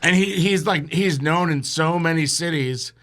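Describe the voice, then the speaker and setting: A man's voice: a little high, moderate pace, fairly bright tone. A man telling a rambling, profane story as a guest on a podcast, laughing along as he goes. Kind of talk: casual storytelling.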